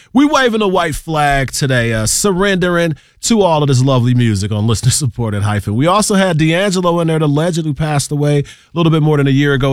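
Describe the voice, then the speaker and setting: A man hosting a radio music show, talking in a relaxed, slangy way with frequent ums between tracks. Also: mid-range voice, no room sound, clean studio sound. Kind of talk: laid-back radio DJ patter. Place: radio studio. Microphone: studio microphone.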